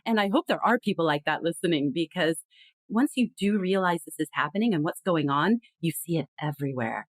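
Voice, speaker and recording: A woman's voice: fairly low pitch, expressive, brisk, dry recording. Earnest woman guest, dry close sound. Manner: earnest, explanatory, acts out example phrases. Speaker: podcast guest, communication consultant. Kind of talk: conversational interview.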